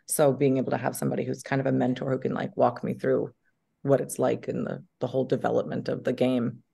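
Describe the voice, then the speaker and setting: A woman with a deep, low voice talks casually as an interview guest. She tells lively stories and acts out quotes in sudden bursts. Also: fast talker, gravelly, husky.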